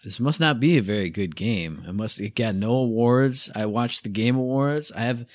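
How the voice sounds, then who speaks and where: A man co-hosting a podcast in casual chat, telling stories with lively acted-out asides. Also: normal speed, no room sound. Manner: animated storyteller, acts out his own inner voice with big pitch jumps. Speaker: podcast co-host.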